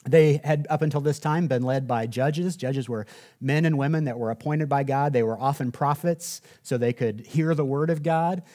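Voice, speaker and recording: A man's voice: on the high side, normal speed, mellow. A man preaching a sermon in a conversational way, often checking in with listeners and adding humor. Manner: conversational, asks the audience "right?", jokes. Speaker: pastor.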